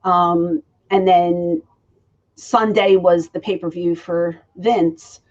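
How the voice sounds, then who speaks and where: A woman in her forties tells stories as a guest in a shoot interview, speaking slowly in a lowish voice. She's an animated storyteller who acts out quoted dialogue, captured on a dull lo-fi recording.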